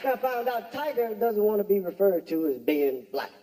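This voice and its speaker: A man from the United States doing stand-up comedy on a club stage, talking slowly with many fillers and pauses. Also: sits high, very animated, background noise. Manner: slow, hesitant delivery with many fillers. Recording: echoey hall with live audience.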